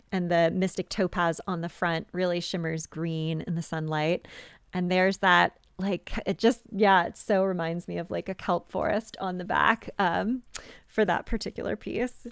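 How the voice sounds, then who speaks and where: A woman's voice: lowish voice, clear, resonant tone, no room sound, clean studio sound. A woman hosting a live stream, chatting casually about her handmade jewelry with many fillers and restarts. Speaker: jewelry designer hosting a live sales show.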